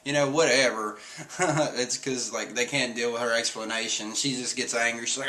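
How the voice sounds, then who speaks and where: Bright-voiced young man recapping chatty. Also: medium pitch, steady tone, moderate pace, slight background noise, rough recording. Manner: chatty, laughs often, acts out quotes in silly voices. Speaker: comic chapter reviewer. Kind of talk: casual recap commentary.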